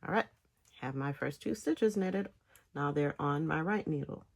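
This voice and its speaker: A woman walks a beginner through knitting, step by step, in a casual tutorial. She speaks slowly and her voice is a little low. Her phrasing is halting, with pauses between short chunks, and her tone has a gravelly edge. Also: lively intonation. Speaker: knitting instructor.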